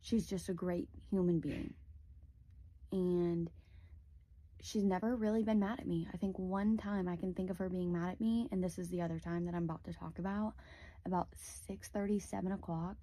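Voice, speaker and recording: Young woman, casual storyteller, warm voice, dead-dry phone recording. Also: fairly low pitch, fairly even intonation, normal speed, dry recording. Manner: rambling, lots of "like" fillers.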